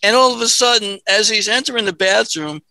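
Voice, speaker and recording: A man, a podcast co-host, telling an animated story in casual chat and acting out the voices in it. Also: sits high, a little fast, vocal fry, no room sound.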